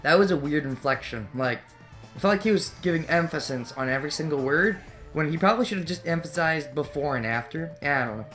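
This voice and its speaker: A man's voice: on the high side, expressive, quick pace, a bit bright. Sarcastic let's-play man, game music behind. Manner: sarcastic, offhand. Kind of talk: casual gameplay commentary.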